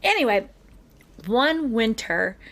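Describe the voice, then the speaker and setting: Chatty woman, fairly high voice. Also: slow pace. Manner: animated and chatty, with frequent fillers. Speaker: podcast co-host. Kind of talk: casual storytelling chat.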